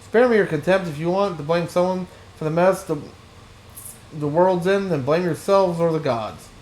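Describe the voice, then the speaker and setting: A man's voice: high-pitched, moderate pace, a little mellow, echoey room, voice pushed up, lightly acted, poor audio. A man reading as a cowardly merchant posing as a priest. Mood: defiant.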